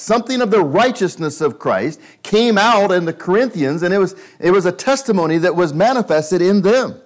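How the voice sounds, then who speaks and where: A man preaching in a small church room, reading scripture aloud and commenting on it in a conversational, teacherly way with frequent restarts. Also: high-pitched. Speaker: pastor. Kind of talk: expository Bible-study sermon.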